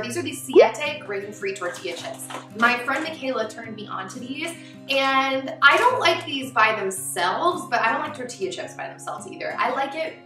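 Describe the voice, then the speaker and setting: A woman's voice: mid-range voice, echoey room, far from the mic. A young adult woman casually reviewing snacks in a chatty, upbeat vlog, with many "like" fillers. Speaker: vlogger.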